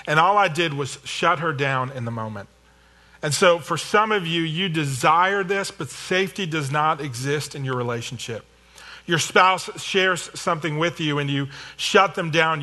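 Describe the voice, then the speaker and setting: A man's voice: on the high side, sharp tone. A middle-aged man giving a sermon, conversational and self-deprecating, with storytelling asides. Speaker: pastor.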